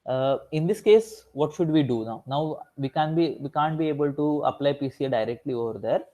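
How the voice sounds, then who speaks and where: A man's voice: a little high, fairly quick, warm tone. A male instructor giving an online revision lecture, asking himself rhetorical questions and tagging lines with "right?".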